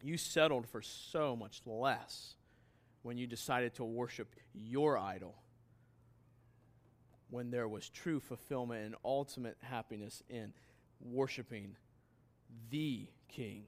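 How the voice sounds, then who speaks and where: A man's voice: mid-range voice, slow, pauses often. A man preaching a sermon as pastor, emphatic and putting questions straight to his listeners.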